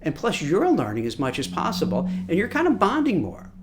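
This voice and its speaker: A man from Brooklyn, a recruiter, giving a lively coaching lesson on job interviews, often repeating words and acting out what people say. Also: a little high, brisk, noisy background. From Brooklyn, New York. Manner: animated, repeats words, acts out quotes. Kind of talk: coaching masterclass talk.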